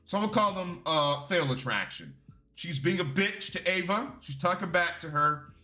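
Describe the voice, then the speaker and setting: Bright-voiced, profane male wrestling reviewer. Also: high voice, moderate pace. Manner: profane, animated and opinionated. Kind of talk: casual video review.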